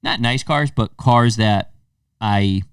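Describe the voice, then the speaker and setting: A man's voice: lowish voice, takes it slowly, clean tone, no echo, clean studio sound, recorded from a distance. A man co-hosting a podcast, chatting casually and telling loose, profane stories. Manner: loose, storytelling, swearing freely. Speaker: podcast co-host. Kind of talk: casual chat.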